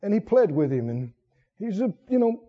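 A man preaching a sermon, swinging between high emphatic bursts and low quiet asides and acting out quoted prayers in a raised voice. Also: very animated, normal speed. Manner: acts out quoted prayers and God's words in raised voice. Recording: dull lo-fi sound with long hall reverb.

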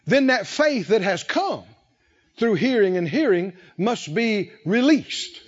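High lively preacher guy, swoops up and down, dull lo-fi recording. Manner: call-and-response preaching, rising and falling emphasis, drawn-out phrases. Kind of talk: sermon.

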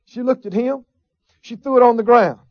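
A man's voice: very high voice, moderate pace, no echo. A man preaching a sermon, folksy asides and call-and-response with the congregation. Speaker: pastor. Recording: dull, slightly lo-fi sermon recording.

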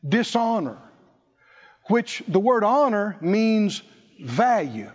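Slow and very animated, a high-pitched male pastor drives home key phrases through repetition during a call-and-response sermon. It's set in a church sanctuary and recorded in dull lo-fi with a long hall reverb.

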